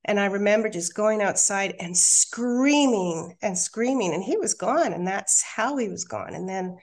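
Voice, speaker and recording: A middle-aged woman, a podcast guest, telling a painful personal story with halting restarts, then reading her own poem. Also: mid-range voice, expressive. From Australia. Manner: candid, emotional, halting with restarts. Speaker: guest, hypnotherapist and coach.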